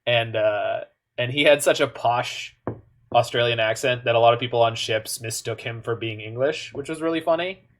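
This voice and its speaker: Man, mid-pitched voice, playful casual game commentary, muttered asides. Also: moderate pace, a bit bright. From Canada. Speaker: online card game player.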